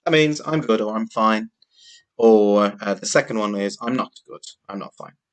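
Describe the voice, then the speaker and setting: Low-voiced male teacher. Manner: slow, clear, patient teaching with questions. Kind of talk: classroom video lesson.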